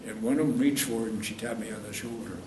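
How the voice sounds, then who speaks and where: A man's voice: lowish voice, fast talker. Man in his eighties, oral history storyteller, self-correcting, echoey room, faint background hiss. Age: 80s. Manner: rambling storyteller who corrects himself mid-sentence. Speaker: veteran interviewee. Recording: roomy, distant mic, faint noise.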